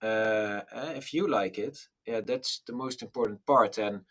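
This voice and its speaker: A man's voice: on the low side, unhurried, a bit bright, husky. A man chatting casually on a podcast as a music coach, pushing his point with many restarts.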